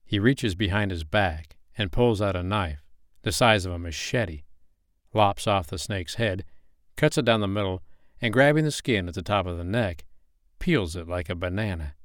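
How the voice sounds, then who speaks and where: Low-voiced man narrating an erotic audio story. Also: expressive, moderate pace, dry recording, studio quality.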